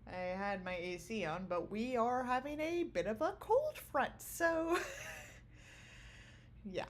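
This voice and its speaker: A woman's voice: a little high, expressive, slow pace. A woman streamer chatting casually with her viewers from home, giggling often and rambling. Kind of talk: casual livestream chat. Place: small home room.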